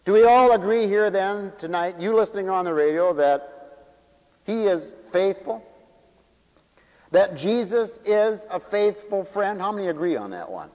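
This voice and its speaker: Guy preaching, big swings loud to quiet, fast asides, muffled roomy church sound. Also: high-pitched. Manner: rapid asides to the audience. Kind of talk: sermon. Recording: dull echoey hall recording.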